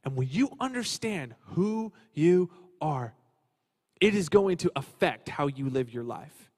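Middle-aged guy preaching, high voice, goes from quiet to big and excited telling stories. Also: a little slow, long reverb tail. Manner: animated storytelling, swings from hushed to loud. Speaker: pastor. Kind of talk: sermon.

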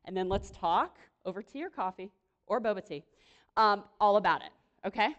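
A young woman speaking to a room, giving a lively, chatty sermon full of quick self-deprecating asides. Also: mid-range voice, lo-fi sound. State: pregnant. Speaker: speaker at a church or campus gathering. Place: room with an audience.

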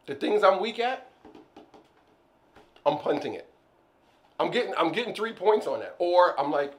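Man, on the higher side, playful and rambling business co-host, casual chat. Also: normal speed, pauses often. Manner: rambling, playful, many "like, I don't know"; animated, jumps high when joking.

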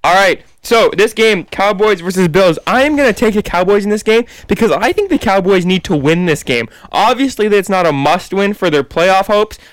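High-voiced man, opinionated. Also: lively intonation, normal speed, hardly any pauses, no echo. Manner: confident, opinionated, talks in long runs. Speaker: co-host making sports picks. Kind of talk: casual sports podcast chat.

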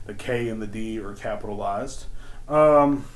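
A man hosting his own podcast, ranting in a crude, profane, rambling way that swings between loud excited outbursts and low mutters. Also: unhurried. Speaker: podcast host. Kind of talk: casual solo podcast rant.

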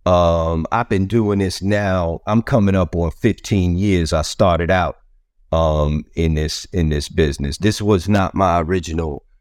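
A man's voice: deep voice, measured pace, a little mellow, no room sound, clean studio sound. A man in his fifties, a trucking company owner, talking casually as an interview guest, rambling and repeating himself with lots of "you know what I mean". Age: 50s.

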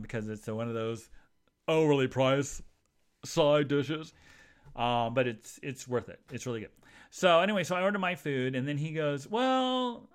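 A man hosting a podcast, telling a long rambling story in a chatty, animated way with many asides to his listeners. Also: smooth. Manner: rambling and animated, jumps to high voices for quoted people. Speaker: podcast host. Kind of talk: casual monologue storytelling.

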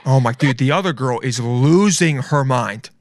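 A man's voice: medium pitch, moderate pace, shouting, very noisy. A man hosting a podcast in a casual, rambling way, swearing freely and joking as he reacts to clips. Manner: rambling, profane, jokey. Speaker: podcast host.

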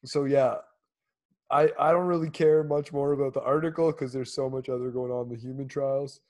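A man's voice: medium pitch, steady tone, a little fast, darkish tone. A man co-hosting a casual chat, reading news aloud and cracking crude jokes, laughing often. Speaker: podcast co-host.

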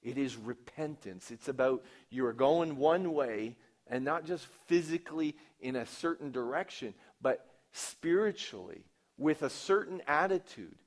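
A man preaching a sermon at a slow, deliberate pace. He questions his listeners and acts out quoted lines. His delivery swings from loud, emphatic declarations down to low, quiet asides. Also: lively intonation. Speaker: pastor.

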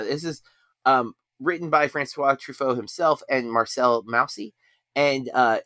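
A man hosts a podcast in loose, rambling chat, often poking fun at himself. His voice is bright and forward. The recording is dry and close, with no room sound. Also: mid-range voice, no room sound. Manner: rambling, self-deprecating. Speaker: podcast host. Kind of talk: casual chat.

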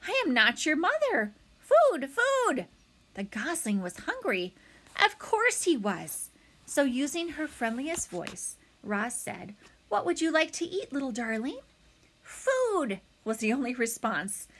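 Animated woman reading a storybook. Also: a little high. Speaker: narrator.

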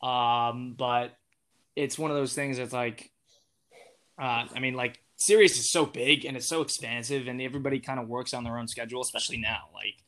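Bright-voiced young man rambling. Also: medium pitch, steady tone, normal speed. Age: young adult. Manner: rambling, full of fillers and restarts. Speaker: interview guest. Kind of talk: casual interview chat.

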